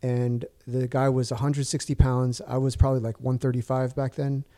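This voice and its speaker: Guy in his 30s rambling thru a story, mellow darkish voice, lots of uh and like. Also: mid-range voice, level tone, normal speed. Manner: rambling with many fillers and restarts. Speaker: guest. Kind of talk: casual storytelling.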